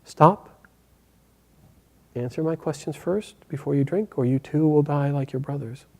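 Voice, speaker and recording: A man voicing a powerful, disembodied male spirit of a lake who speaks in a commanding, measured way. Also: on the high side.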